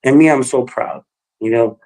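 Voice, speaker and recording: An older man, a grandfather, telling a personal story as a guest on a livestream, halting and emotional, with many fillers and restarts. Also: medium pitch, creaky, darkish tone, rough recording.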